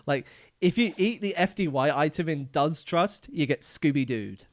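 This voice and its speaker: A man's voice: a little high, animated, normal speed, no room sound, clean studio sound. A man streaming a game live, chatting casually and rambling, laughing often as he talks. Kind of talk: casual live gameplay commentary.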